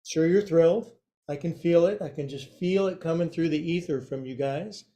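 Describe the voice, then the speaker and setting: A man's voice: fairly high pitch, normal speed, warm tone. A man teaching a yoga class and guiding poses with a playful, joking manner.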